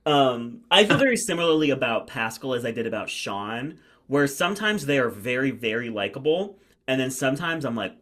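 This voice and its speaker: A man co-hosting a podcast in casual chat, animated and quick to mimic the people he talks about. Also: mid-range voice. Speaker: podcast co-host.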